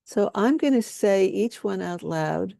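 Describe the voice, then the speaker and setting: A woman leading a guided healing workshop, speaking softly and soothingly as she has the group repeat statements after her. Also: medium pitch, animated, a little slow, vocal fry, dry recording, clean studio sound. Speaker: workshop leader.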